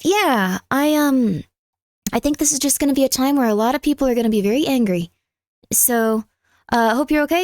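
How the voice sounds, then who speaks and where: A woman's voice: high voice, no echo, clean studio sound. A young adult woman streamer chatting casually with her viewers in a rambling, talkative way. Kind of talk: casual live-stream chat.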